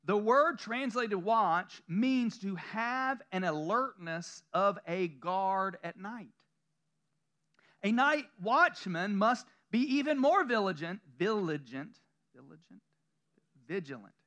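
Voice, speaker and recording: A man's voice: sits high, lively intonation, slow pace, pushed and bright. A man from the American South with a Southern accent, preaching a conversational sermon to a congregation, chuckling often and making self-deprecating asides. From Southern United States. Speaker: pastor. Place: church room before a congregation.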